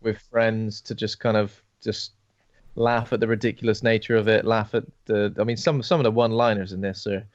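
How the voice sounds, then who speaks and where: A man co-hosting a casual film podcast, telling the story with lively, acted-out reactions. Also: lowish voice, fairly quick, no echo. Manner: animated storyteller, acts out reactions. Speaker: podcast co-host. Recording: dry, muffled podcast mic.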